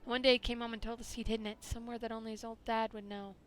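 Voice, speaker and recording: A woman's voice: on the high side, little pitch movement, very fast, lightly acted. A woman voicing a stern grieving widow who speaks formally and dismisses superstition. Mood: mournful. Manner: formal, prim.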